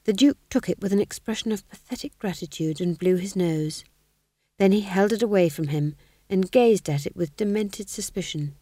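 A woman narrating a comic fantasy audiobook with expressive, measured storytelling. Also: medium pitch, no echo.

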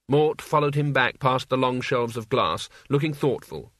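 A mid-range male voice reads scripted narration for an audiobook, keeping a steady, measured storytelling pace. The sound is clean studio audio with no echo.

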